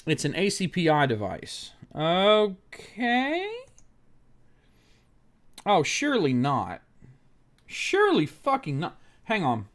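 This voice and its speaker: With a fairly high voice that swoops wildly in pitch, this man talks slowly and pauses often. During a live-streamed laptop repair, he rants in exasperation at a website, swearing at the screen, while muttering technical steps to himself.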